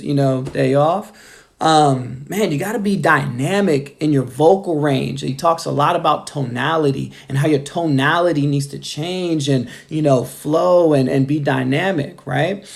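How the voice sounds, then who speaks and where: A man's voice: a little high, creaky. A man who works in sales gives a casual motivational pep talk on a live stream, loose and full of fillers. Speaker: sales rep giving motivation.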